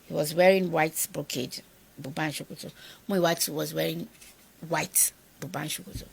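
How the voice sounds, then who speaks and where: A middle-aged Nigerian woman telling a personal story in an interview, animated and acting out the dialogue of the people in it. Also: low-pitched, normal speed, vocal fry, breathy edge. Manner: animated, acts out quoted dialogue. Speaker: guest.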